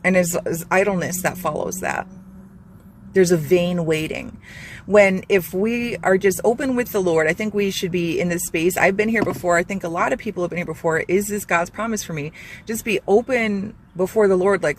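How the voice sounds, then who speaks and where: A woman's voice: lowish voice, normal speed, slight background noise. A woman hosting a Christian channel, giving an earnest, rambling devotional talk full of fillers and restarts. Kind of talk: informal devotional talk to camera.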